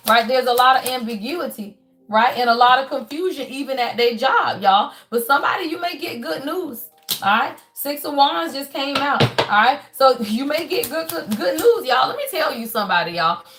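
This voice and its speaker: A woman giving a casual tarot reading to her viewers, emphatic and profane, with animated laughs and sudden shouts, tagging her sentences with y'all. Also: high-pitched, normal speed, a little hiss or hum. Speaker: tarot reader.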